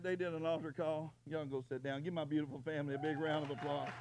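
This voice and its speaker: A man preaching a sermon, moving from quiet storytelling to loud, impassioned preaching. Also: on the high side, steady tone, quick pace, hardly any pauses, dry recording. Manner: builds from quiet storytelling to shouting. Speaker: pastor.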